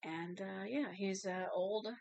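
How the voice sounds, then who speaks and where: A woman's voice: medium pitch, fairly even intonation, slow, creaky, a little mellow, muffled recording. A woman co-hosting a podcast, chatting casually about a movie, swearing freely and finishing her co-host's sentences. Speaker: podcast co-host.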